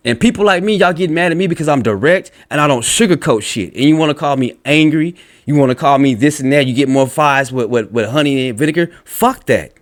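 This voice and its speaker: A man's voice: on the high side, brisk, few pauses. A man reacting to online comments in an angry, profane rant, lecturing bluntly and combatively. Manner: lectures while reading out comments. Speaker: religious commentator.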